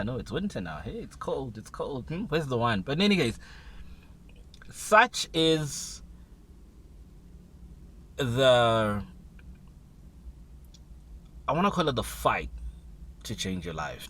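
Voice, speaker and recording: Host delivering a loose motivational monologue, lower voice, playful. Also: male voice, a bit bright, slight background noise. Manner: conversational, playful asides, dynamic.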